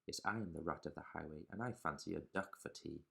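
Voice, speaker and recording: A man voicing a greedy, bullying male rat highwayman in a storybook reading, gruff and swaggering. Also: a little fast, sharp tone, exaggerated voice.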